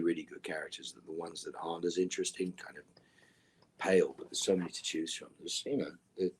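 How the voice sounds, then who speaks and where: A man answering fan questions in a casual Q&A, reading each one out and replying in a relaxed way that often trails off into a low near-whisper. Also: breathy edge.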